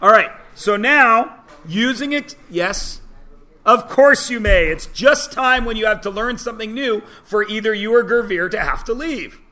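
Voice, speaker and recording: A man teaching a math class in a classroom, chatty and teasing, often checking in with quick questions. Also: sits high, bright, forceful tone. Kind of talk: classroom lesson.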